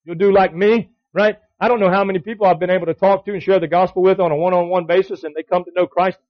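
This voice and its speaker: A man's voice: sits high, fairly even intonation, quick pace, dry recording, dull audio. A man teaching a Bible study to other men, exhorting them with repeated commands and rhetorical questions. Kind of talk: sermon.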